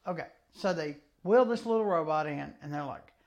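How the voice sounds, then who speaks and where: A man co-hosting a podcast in casual chat, joking around and throwing in quick asides. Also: a little high, expressive, a little mellow. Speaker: podcast co-host.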